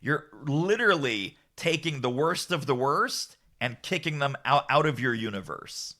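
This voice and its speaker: A middle-aged man with a bright, forceful voice, speaking as a podcast guest. He swings his pitch widely as he tells stories and acts out what people said, with frequent laughs. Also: moderate pace. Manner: lively, acts out quotes with big pitch jumps, laughs often. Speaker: guest, author and business strategist. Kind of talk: animated storytelling in podcast chat.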